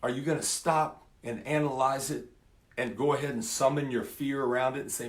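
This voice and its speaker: A man's voice: medium pitch, a little fast. Folksy preacher man in an echoey room. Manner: lively storytelling, acts out voices in quotes; folksy, says "man" and "y'all". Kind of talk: casual sermon with scripture reading.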